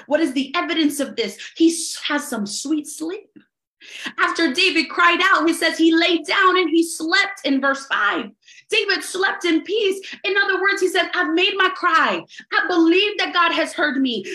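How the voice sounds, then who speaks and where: A woman delivers a sermon in a high, bright voice, full of fervor. She moves from loud declarations to hushed near-whispers. The room gives her voice a noticeable echo. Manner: fervent, varies pace and volume, drops to near-whisper at times. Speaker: preacher.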